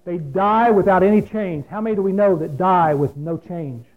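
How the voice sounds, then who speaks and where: A man preaches a folksy, plain-spoken sermon, often putting questions to his listeners. His voice is high at normal speed, heard through a phone-like lo-fi radio broadcast.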